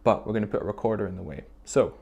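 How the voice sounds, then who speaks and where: A male music teacher with a lowish, gravelly, warm voice talks very fast over slight background noise in a children's recorder lesson video. Encouraging and patient, he explains step by step and checks in with frequent "okay?".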